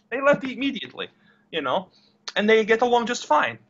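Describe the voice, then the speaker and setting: A man's voice: extremely high pitch, sing-song, moderate pace, fairly bright tone. A young man in a casual interview, rambling and blunt, who swears and repeats his words. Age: young adult. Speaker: interview guest. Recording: dull lo-fi recording.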